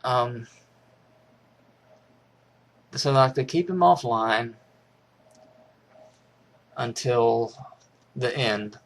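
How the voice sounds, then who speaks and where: A man's voice: medium pitch, drawn-out words, long pauses. A man casually recapping a movie's plot in a rambling way, restarting sentences and chuckling as he goes. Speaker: movie reviewer.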